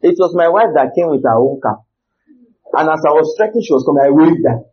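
A man with a Nigerian accent preaching a sermon, animated and full of rhetorical questions, now and then breaking into shouts, on a dull lo-fi recording. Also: on the high side, a little fast.

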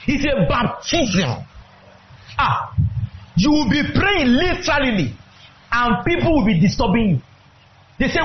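Fervent high-voiced preacher. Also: male voice, very animated, dull audio, a little hiss or hum. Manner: fervent, with sudden shouts and drawn-out emphasis. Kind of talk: sermon.

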